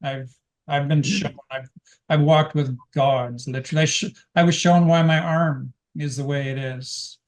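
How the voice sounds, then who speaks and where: A man's voice: fairly high pitch, steady tone, unhurried. A man teaching a class, sharing his spiritual experiences in an earnest, rambling storytelling way with frequent restarts. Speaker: guest speaker teaching a class. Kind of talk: personal spiritual testimony.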